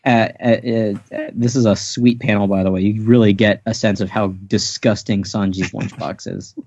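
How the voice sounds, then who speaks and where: A man's voice: lowish voice, fairly even intonation, normal speed, gravelly, darkish tone, no echo. Laid-back man, dull dry podcast sound. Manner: playful, laughing, rambling with restarts. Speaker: podcast host. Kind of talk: casual chat recapping a manga chapter.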